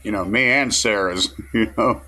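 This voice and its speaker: A man's voice: lowish voice, normal speed, bright, forceful tone. A man, rambling casually in a vlog, groggy and just woken up, who chuckles through his words and swears freely. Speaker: vlogger.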